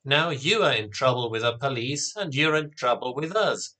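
A man's voice: medium pitch, animated, normal speed, bright, forceful tone. A man reading the part of an angry, worried mother in a spoken story, scolding bluntly.

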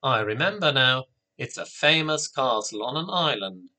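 A man voicing an excitable young girl who exclaims in alarm. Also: medium pitch, moderate pace. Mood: excited.

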